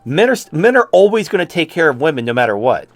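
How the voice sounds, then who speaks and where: A man's voice: a little high, sing-song, quick pace, no echo, soft background music. A male talk-show host ranting in a profane, sarcastic way.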